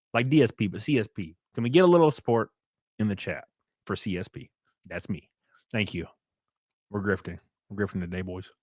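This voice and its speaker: A blunt, profane man hosts a casual livestream, rambling and reading out chat donations. His pitch moves around a lot, and the sound is dry and close with no room echo. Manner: reads and answers chat donations. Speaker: livestream host.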